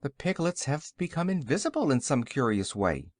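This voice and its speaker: A man voicing a sober, courteous old wizard in a storybook reading, a bit lower than his narration. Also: very animated, normal speed, no echo, clean studio sound. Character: sober, polite elderly male wizard.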